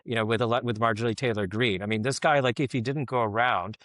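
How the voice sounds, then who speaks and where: A man's voice: medium pitch, steady tone, fast talker, fairly bright tone, dry recording, studio quality. A middle-aged man giving casual podcast commentary, rambling and filling his talk with "like, you know".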